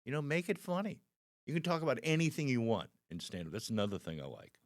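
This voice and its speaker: A man in his sixties, a stand-up comedian appearing as a guest on a casual podcast, tells anecdotes with lots of energy, acting out the people in them. His voice is medium-pitched and he talks fast. The sound is clean studio audio with no echo.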